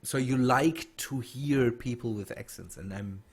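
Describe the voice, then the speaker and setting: Slow, halting male game streamer. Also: medium pitch, slightly rough. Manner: halting, many restarts and fillers while reading chat. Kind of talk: casual gameplay stream chat.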